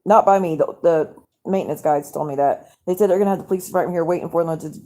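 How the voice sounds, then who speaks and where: A woman's voice: fairly low pitch, quick pace, mellow. A woman, hosting a casual live stream at home at night. She vents in an angry, profane, rambling way to her viewers.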